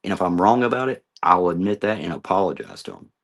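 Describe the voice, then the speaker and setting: A man's voice: sits low, big pitch swings, fast, creaky. A middle-aged man ranting heatedly at people he names, confrontational and swearing often, in a video monologue. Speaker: vlogger.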